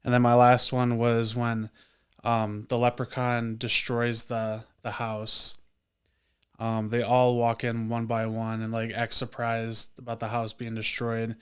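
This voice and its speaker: A man's voice: mid-range voice, completely flat delivery, unhurried, smooth. A man co-hosting a casual movie review chat, talking in a laid-back way. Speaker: podcast co-host.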